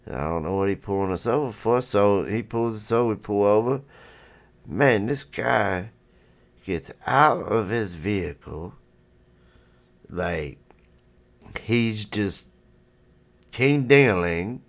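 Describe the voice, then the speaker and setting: Deep, gravelly man telling a rambling story. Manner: profane, rambling, says "you know what I'm saying" a lot. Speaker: livestream host. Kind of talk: casual storytelling on a livestream.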